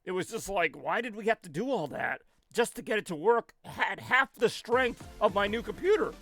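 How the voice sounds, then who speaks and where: A man live-streaming from his home setup on a headset, chatting casually and rambling in an animated way, with a tone that sounds angry even when he is not. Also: high voice, normal speed, soft background music.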